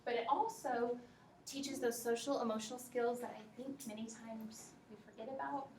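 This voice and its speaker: A woman teacher giving a workshop presentation to other teachers, talking in a relaxed, practical way and speaking straight to her audience. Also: on the high side, moderate pace, a little hiss or hum. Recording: echoey room, mic from a distance.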